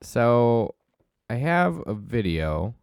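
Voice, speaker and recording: Deep gravelly male co-host, lively inflection, dry banter. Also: very slow, dry recording. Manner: dry banter, leads news topics. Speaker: livestream co-host. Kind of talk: casual tech chat.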